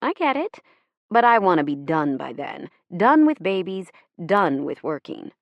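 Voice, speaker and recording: A brash young woman jokes loudly and boldly, as a woman narrator puts her on. Her voice is playful and pushed a little higher than the reader's own. The sound is close and dry. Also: sing-song, measured pace, dry recording, muffled recording. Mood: joking. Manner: loud, bold and playful.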